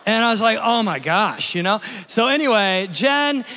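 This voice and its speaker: A middle-aged man, a pastor, giving a lively, conversational Easter sermon with jokes and stories. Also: sits high, normal speed. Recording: long hall reverb.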